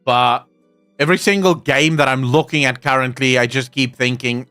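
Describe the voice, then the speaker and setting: A man's voice: mid-range voice, a little fast, sharp tone, faint music behind. A South African man chatting casually on a live stream, rambling and swearing freely while he answers his chat. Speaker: game streamer.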